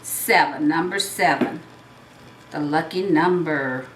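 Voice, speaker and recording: A woman's voice: low-pitched, normal speed, a little hiss or hum. A woman with a Southern US accent hosting a home cooking show, explaining each step in a chatty way. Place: home kitchen. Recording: roomy, mic at a distance.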